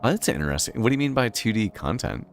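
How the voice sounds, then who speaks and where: Deep-voiced Boston man, chatty streamer. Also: big pitch swings, fast, slight background noise. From Boston, Massachusetts. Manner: rambling, chatty, many fillers, laughs often. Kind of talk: casual live-stream chat while playing.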